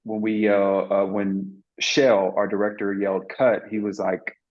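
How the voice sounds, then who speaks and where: A man's voice: lowish voice, flat delivery, a little slow, phone-quality sound. A man being interviewed as an actor, telling a story in an earnest, reflective way with many fillers and restarts.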